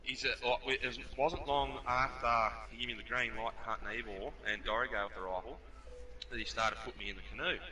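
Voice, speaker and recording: A man with an Australian accent telling hunting stories on a casual podcast, swearing freely and animated. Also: mid-range voice, quick pace, far from the mic. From New South Wales, Australia. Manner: profane, animated, laughs while telling stories. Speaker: podcast storyteller.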